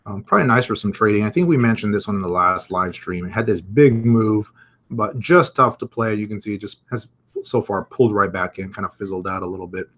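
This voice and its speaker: Here's a male crypto streamer with a lowish, brisk delivery. He comments casually on market charts during a live broadcast, chatting and thinking out loud as viewer comments come in.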